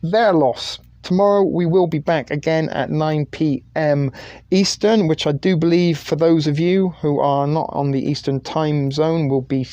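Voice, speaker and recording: A man's voice: a little high, steady tone, measured pace, mellow, dry recording. Male stream host: rambling, profane, jokey, in a dry, close sound. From United Kingdom. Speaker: livestream host. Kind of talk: casual livestream chat.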